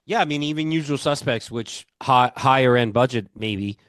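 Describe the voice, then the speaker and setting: A man with a Long Island New York accent, co-hosting a podcast in a relaxed, rambling chat. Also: mid-range voice, moderate pace, dry recording. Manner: laid-back storytelling, many "like"s and "yeah"s. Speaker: podcast co-host. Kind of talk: casual chat.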